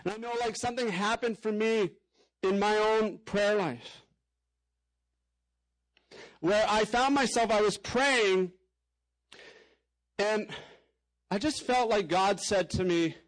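A man's voice: high voice, takes it slowly, pauses often, rough recording. A man preaching a sermon as a pastor, candid and conversational, with frequent casual fillers.

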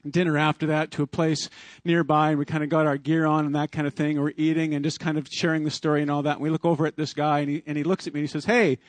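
A man, preaching through a lively personal story. His voice sits high for a man, and the sound is close and dry with no room around it. He chuckles often as he talks. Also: fast talker, no echo. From Canada. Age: 50s. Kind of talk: sermon storytelling.

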